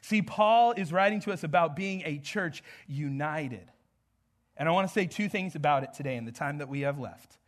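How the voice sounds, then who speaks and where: A man's voice: fairly high pitch, lively intonation, normal speed. A man from the American Southwest preaching a sermon as pastor, conversational and joking, often breaking into laughter.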